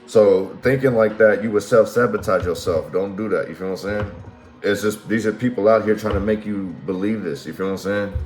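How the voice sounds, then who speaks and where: A man's voice: on the low side, a little fast, darkish tone. A man giving a casual tarot reading, slangy and profane, who keeps checking that the listener follows him. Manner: slangy and profane, keeps asking "you feel what I'm saying". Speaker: tarot reader. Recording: roomy echo, faint music behind.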